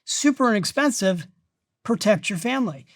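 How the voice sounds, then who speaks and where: A middle-aged man, a guest on a podcast interview, who talks about money in an emphatic, energetic way and tells stories as he goes. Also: sits high, moderate pace, no room sound, clean studio sound. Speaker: guest, financial author.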